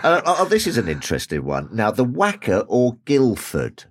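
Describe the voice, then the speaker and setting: A man's voice: medium pitch, huge pitch swings, normal speed. A man co-hosting a studio podcast, putting playful either-or questions to a guest. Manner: playful, teasing. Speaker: podcast co-host. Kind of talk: quick-fire question game.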